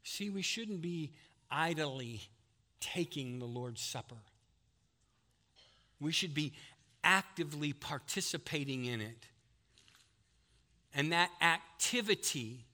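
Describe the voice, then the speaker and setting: A middle-aged man, preaching a sermon as pastor, building to loud climaxes and dropping to a hush in prayer. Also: on the high side. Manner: animated, rising to loud climaxes, hushed in prayer.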